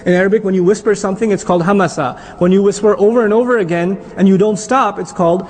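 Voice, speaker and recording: A man giving a lively religious talk on Qur'an verses, asking the audience questions and reciting Arabic phrases. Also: high-pitched, fast. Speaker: Islamic lecturer.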